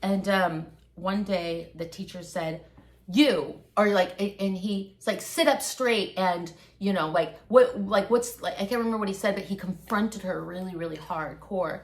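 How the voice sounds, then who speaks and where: A woman's voice: mid-range voice, moderate pace. Casting note: woman, guest on a casual talk stream, loose storyteller who circles back and restarts often. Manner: rambling storyteller, many likes and restarts. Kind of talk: casual chat.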